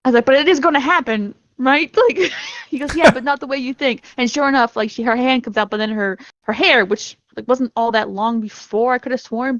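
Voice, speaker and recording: A woman's voice: a little high, no room sound, dull audio. A woman chatting casually as a podcast guest, rambling and laughing while she tells stories. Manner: rambling, giggly, acts out her own reactions. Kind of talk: casual chat.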